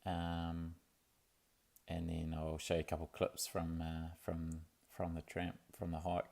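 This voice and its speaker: A man's voice: sits low, completely flat delivery, measured pace, creaky, darkish tone. A young man, talking in a laid-back, rambling way for his video diary, full of fillers and restarts. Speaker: vlogger.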